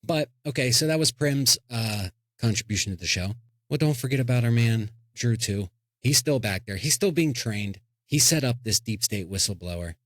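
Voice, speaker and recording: A man's voice: medium pitch, animated, normal speed, no room sound. A man hosting a comedic podcast, rambling and joking as he introduces segments and guests. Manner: rambling, joking, self-interrupting. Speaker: podcast host.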